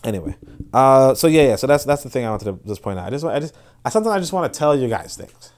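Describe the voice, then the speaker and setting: Man, podcast host, casual commentary, rambling, restarts often, middle-pitched voice. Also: fast. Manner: rambling, many restarts and fillers, animated bursts.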